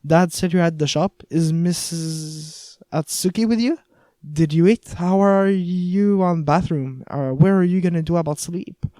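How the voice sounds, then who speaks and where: Guy doing a screechy loud mom yelling down the phone, pitched way up, dry close mic. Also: measured pace, no room sound, close to an everyday voice. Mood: fussing. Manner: shrill, shouting. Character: frazzled mother shouting on the phone.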